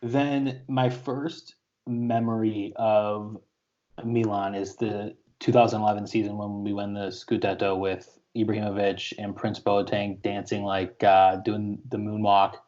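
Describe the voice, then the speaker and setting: A man's voice: lowish voice, level tone, a little slow, a little mellow. A man in his twenties telling stories in casual podcast chat, laid-back with lots of filler words. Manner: laid-back storytelling with many likes. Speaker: podcast co-host. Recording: dull lo-fi audio.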